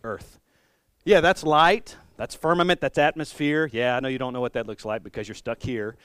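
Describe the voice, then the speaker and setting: A man's voice: mid-range voice, normal speed, fairly bright tone, clear, resonant tone, no room sound, close to an everyday voice. A preacher voicing a proud, playful male carpenter who shows off everything he made, in a teasing, boastful manner. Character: proud, playful male carpenter-creator showing his work.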